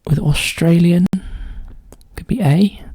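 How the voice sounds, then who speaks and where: A man solving a cryptic crossword, thinking aloud in a casual way and often dropping to a quiet mutter. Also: a little high, slow, slightly rough, no room sound. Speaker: crossword solver. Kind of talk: casual solo puzzle-solving commentary.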